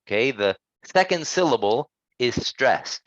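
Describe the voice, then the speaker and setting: A man teaching English pronunciation, patiently correcting students and modelling sounds slowly. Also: mid-range voice, lively intonation, no echo. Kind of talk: online language lesson. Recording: dull, dry lo-fi sound.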